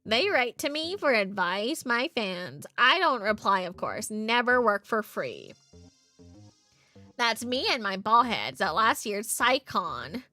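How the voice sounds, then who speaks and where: Casting: woman playing a showy, self-adoring game psychic, bright and breezy. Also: fairly high pitch, big pitch swings, takes it slowly, exaggerated voice. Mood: smug. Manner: breezy fake presenter voice. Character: vain showy female TV psychic. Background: faint game music.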